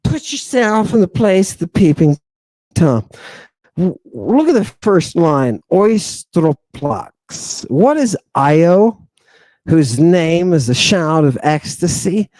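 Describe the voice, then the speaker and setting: In a dry recording, a man with a sing-song, slightly mellow voice gives an animated live lecture on ancient texts as a podcast host. He's emphatic, repeatedly asking "right" and "do you understand," drawing out stressed words and shifting from quiet murmurs to loud exclamations.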